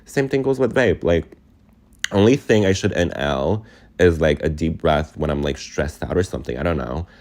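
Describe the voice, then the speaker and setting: A man's voice: very deep voice, lively intonation, moderate pace, a little mellow. A young man telling a rambling, emotional storytime in a casual vlog, full of filler words. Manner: emotional, confiding. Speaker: vlogger.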